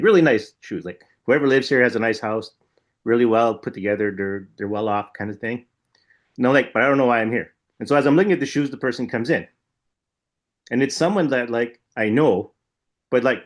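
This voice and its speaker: Guy on a podcast rambling thru a weird dream story, lots of "like" and "right?". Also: mid-range voice. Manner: rambling, animated retelling with frequent "like" and "right?". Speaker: podcast co-host. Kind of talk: casual chat, storytelling.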